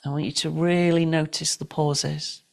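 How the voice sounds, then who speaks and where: A middle-aged woman teaching yoga and breathwork, giving calm, unhurried, gently directive cues for breathing and movement. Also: low-pitched, gravelly. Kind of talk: guided breathwork and yoga instruction.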